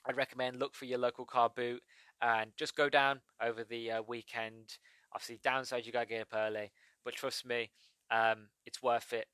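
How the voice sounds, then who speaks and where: A man's voice: medium pitch, flat delivery, normal speed, a bit bright, clean tone, no echo. A man with a British accent hosting his own podcast, chatting in a rambling, digressive way. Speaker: podcast host. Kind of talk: casual solo podcast monologue.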